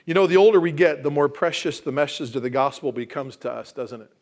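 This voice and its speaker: A fast-talking male pastor with a slightly high voice moves from loud, forceful statements to soft asides while preaching, quizzing the congregation as he goes.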